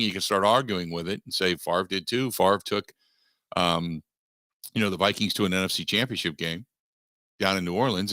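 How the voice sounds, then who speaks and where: Man, sports radio host, bright forceful voice, dry close studio sound, animated monologue. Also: low voice, dry recording. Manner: animated, mock-quoting others in asides.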